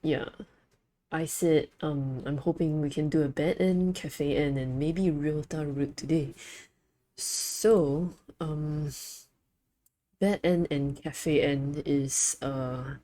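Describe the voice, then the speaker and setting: A woman's voice: low voice, fairly even intonation, slow pace, mellow. A young woman streamer chatting casually and hesitantly while she plays, often correcting herself. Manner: hesitant, rambling, self-correcting. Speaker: VTuber streamer. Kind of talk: casual chat while playing a game.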